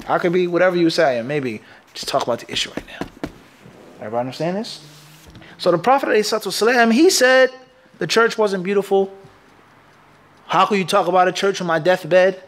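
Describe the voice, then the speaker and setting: This Islamic teacher, a man with a high voice, leads a hadith class in emphatic, punchy bursts. He keeps his students engaged through call-and-response questions, pausing so they can finish each point.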